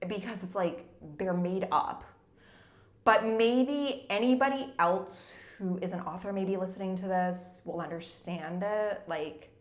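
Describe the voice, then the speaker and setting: Woman vlogger, chatty storyteller, mid-pitched, echoey room. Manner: rambling, fills nearly every phrase with "like". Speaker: debut novelist and former corporate executive. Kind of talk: casual personal storytelling. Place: her home in Munich.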